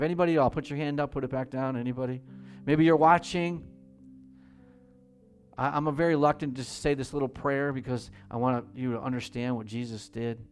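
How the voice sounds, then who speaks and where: A man preaching a sermon as pastor in a church, swinging between loud pleading and hushed prayer. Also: mid-range voice, steady tone, quick pace, soft background music.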